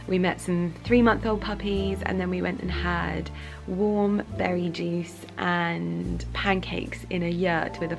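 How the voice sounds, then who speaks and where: A woman's voice: fairly low pitch, vocal fry. A young woman, chatting casually to camera in a vlog about her trip. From England. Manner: chatty, upbeat, soft-spoken to camera. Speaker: lifestyle vlogger. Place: glass igloo at night. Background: background music.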